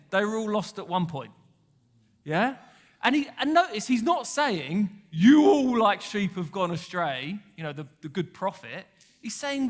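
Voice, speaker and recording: A man preaches with a high, light voice that rings through a reverberant church hall. His delivery is chatty and playful, breaking into laughter and little sung snippets. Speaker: pastor. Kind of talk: sermon.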